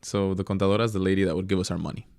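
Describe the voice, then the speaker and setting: A young man with a low, gravelly voice recounts his career as a goalkeeper in a relaxed interview. He is reflective and gets lively when acting out what others said. The sound is close and dry. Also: racing, dry recording. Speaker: professional goalkeeper guest. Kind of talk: casual interview storytelling.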